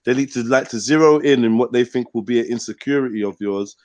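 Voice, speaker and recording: Nigerian-born male host, casual rambling panel talk, middle pitch, dry close mic. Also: fast talker, darkish tone, no room sound. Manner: laid-back, rambling, frequent "innit" and "man". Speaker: host of a news discussion panel.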